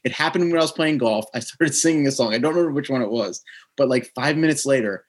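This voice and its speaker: A man's voice: mid-range voice, quick pace. A man from New Jersey co-hosting a podcast, telling stories in a playful, chatty way. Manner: playful, animated storytelling with laughs. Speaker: podcast co-host. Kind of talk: casual podcast chat.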